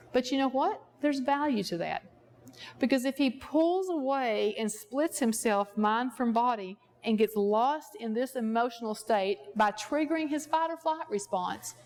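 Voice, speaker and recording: Lady therapist walking a workshop through a case, keeps asking the room questions, kinda high pitched. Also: darkish tone. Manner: explanatory, poses rhetorical questions to the audience. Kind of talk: teaching a workshop.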